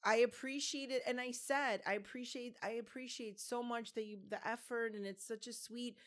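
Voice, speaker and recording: A woman's voice: fairly high pitch, steady tone, moderate pace, a bit bright. A woman in her fifties co-hosting a podcast, telling a long personal story in a rambling way, full of restarts and fillers. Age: 50s. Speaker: podcast co-host. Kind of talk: casual chat, storytelling.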